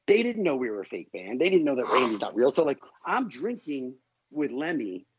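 A man appearing as a podcast guest, telling a story in a loose, animated, profane way full of asides. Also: medium pitch, brisk, highs cut off, slight background noise. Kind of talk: casual storytelling.

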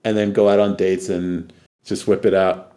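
A man's voice: sits low, little pitch movement, moderate pace, dark tone. A man hosting a podcast in casual chat, laughing often and swearing casually. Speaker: podcast host.

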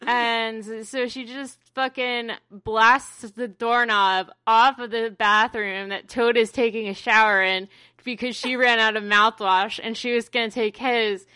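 A woman's voice: on the high side, unhurried, clean tone, dry recording. A woman co-hosting a podcast, animatedly retelling a cartoon episode and swearing casually. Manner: animated storyteller, swears casually, acts out lines. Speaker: podcast co-host.

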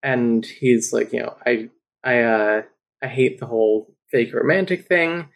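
A man in casual podcast chat, reading passages aloud and laughing along. His voice sits at an everyday middle pitch. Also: unhurried, gravelly. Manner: laughs often, reads passages with an embarrassed amusement. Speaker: guest on a book podcast.

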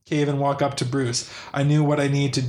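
A man's voice: mid-range voice, little pitch movement, fairly quick, a little mellow, a little hiss or hum. A man reading a fan story aloud to friends, playful and teasing, acting out the narration. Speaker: podcast host reading fan fiction.

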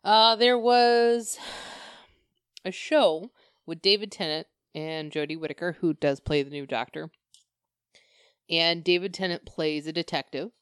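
A woman's voice: on the low side, measured pace, long pauses, smooth, no room sound, clean studio sound. A woman co-hosting a podcast in casual chat, opinionated and laughing often. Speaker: podcast co-host.

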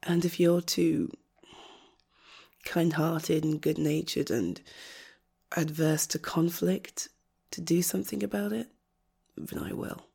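A young woman with a low, slow voice speaks directly to the listener in a comfort role-play, pausing often, with vocal fry and a breathy edge. As an audio role-play creator, she sounds fiercely protective and indignant, letting out exasperated sighs and sometimes dropping to a soft near-whisper.

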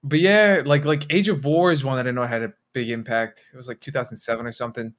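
A man chatting casually on a group call, relaxed, trailing off and swearing now and then. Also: mid-range voice, quick pace. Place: online voice call.

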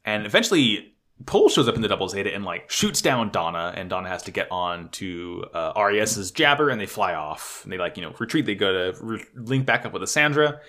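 A man co-hosting a casual podcast, excitedly recapping an anime episode, swearing freely and stammering when unsure. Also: on the low side, brisk. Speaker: podcast co-host.

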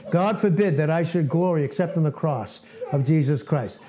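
Man, late sixties, informal preacher, earnest, self-deprecating, slightly high voice. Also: lively intonation, brisk, dark tone, a little hiss or hum. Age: 60s. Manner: earnest, conversational, laughing at himself. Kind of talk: informal sermon to a fellowship.

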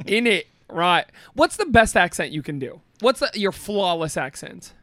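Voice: medium pitch, big pitch swings, normal speed, fairly bright tone, no echo. A podcast co-host in a casual, playful chat, laughing often.

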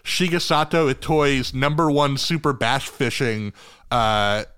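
Smooth-voiced man joking around. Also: mid-range voice, a little slow, fairly bright tone, no room sound, studio quality. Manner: joking, rambling, swears casually. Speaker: podcast co-host. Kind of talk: casual chat.

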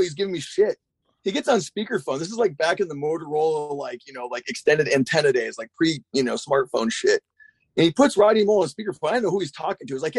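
A man's voice: on the high side, expressive, quick pace, slightly rough, no echo. A man telling rambling, profane stories as a guest in a casual chat. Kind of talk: casual storytelling.

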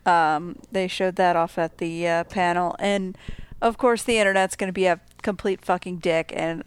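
Excitable, smooth-voiced woman co-host. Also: fairly low pitch, moderate pace, no echo. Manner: excitable, blunt, swears freely. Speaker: podcast co-host. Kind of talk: casual chat.

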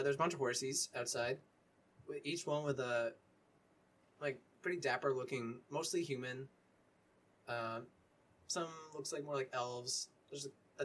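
Husky male game master. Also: mid-range voice, fairly bright tone, distant mic. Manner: loose, rambling narration. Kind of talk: narrating a tabletop game.

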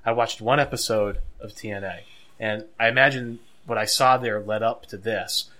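A man co-hosting a podcast, telling a story in an animated, wry way and riffing casually. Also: on the low side, moderate pace. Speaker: podcast co-host. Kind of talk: casual chat.

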